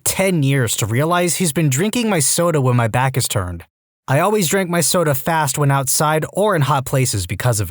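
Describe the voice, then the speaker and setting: A man narrating stories in a lively, animated voice, his pitch rising and falling a lot from one line to the next. His voice sits at an ordinary middle pitch for a man. The recording is dry and close, with no room sound. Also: no room sound. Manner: expressive, with wide swings of pitch. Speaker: podcast narrator. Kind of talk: reading internet posts aloud.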